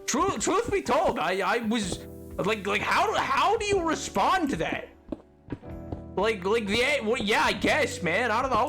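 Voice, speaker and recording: Over background music, a young man streams and banters excitably with his chat, often laughing and stammering over repeated words. His voice is high, and he speaks unhurriedly with frequent pauses.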